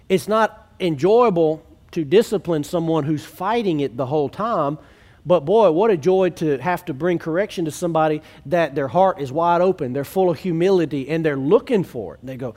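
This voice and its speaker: Rhetorical questions punctuate the earnest, conversational sermon this pastor gives to a congregation in a church sanctuary. He speaks at a moderate pace, in a high-sitting voice with a darkish tone.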